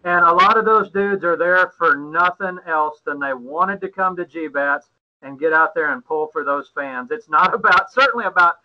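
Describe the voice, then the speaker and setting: A man hosting a live-stream trucking show, chatting with guests and pitching a contest in upbeat, folksy promotional patter. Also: normal speed, muffled recording. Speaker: host.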